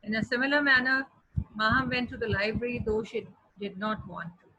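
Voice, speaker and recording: A woman teaching an English grammar lesson, explaining patiently and repeating examples slowly. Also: a little high, steady tone, sharp tone, breathy edge, lo-fi sound. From Pakistan. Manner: explaining patiently with repetition, slowing to spell out words. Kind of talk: classroom lesson.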